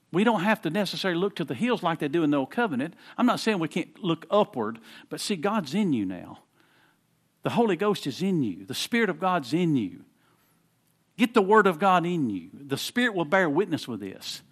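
A man preaching to a congregation with a slightly high, very lively voice. He talks in a conversational way and repeats words as he goes. He drops quiet for explanation and rises fervent for emphasis. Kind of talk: sermon.

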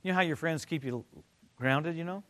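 An older man preaching a sermon, telling stories and swinging from loud excited bursts to low quiet stretches. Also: moderate pace. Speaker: pastor.

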